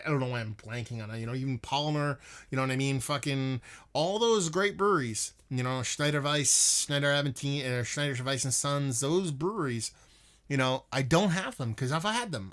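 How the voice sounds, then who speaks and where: Profane, rambling beer-stream host. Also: male voice, mid-range voice, fairly bright tone. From northeastern United States. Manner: profane, rambling, reads out chat comments. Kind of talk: casual livestream chat.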